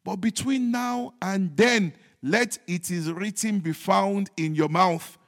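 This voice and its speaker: A man preaching a sermon as pastor, repeating his points emphatically and moving between loud declarations and hushed, joking asides. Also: sits high, slow. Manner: humorous asides with chuckles. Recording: long hall reverb.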